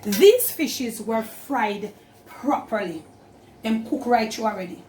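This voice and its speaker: A woman's voice: on the high side, animated, takes it slowly, darkish tone, slight background noise, low-quality recording. Chatty Jamaican woman cooking at home. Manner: chatty, instructive, repeats "and all of that". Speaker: cooking channel host. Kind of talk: casual cooking demonstration. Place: home kitchen.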